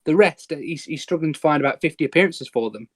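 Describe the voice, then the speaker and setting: A man hosting a casual podcast chat, hesitant with fillers and quick laughs. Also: a little high, no room sound. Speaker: podcast host.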